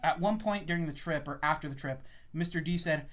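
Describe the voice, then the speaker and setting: A man's voice: a little high, a little fast, fairly bright tone. A young man hosting a podcast, chatting casually and telling a story, swearing freely and acting out the voices of people he quotes. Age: young adult. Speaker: podcast host.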